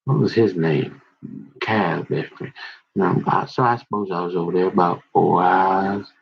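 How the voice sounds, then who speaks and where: Man, husky voice, lowish pitch, rambling casual storytelling, dull lo-fi sound. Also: moderate pace. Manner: rambling, quoting others in animated voices. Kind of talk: casual storytelling about high school memories. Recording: dull lo-fi recording.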